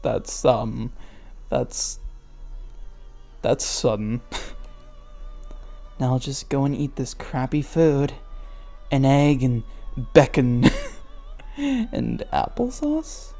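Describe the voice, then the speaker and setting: Brief: unhurried, mellow-voiced reader roasting a fan fiction, sarcastic and crude, faint music underneath. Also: medium pitch, steady tone. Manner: sarcastic, swears, laughs at the text. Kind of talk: mocking read-aloud commentary.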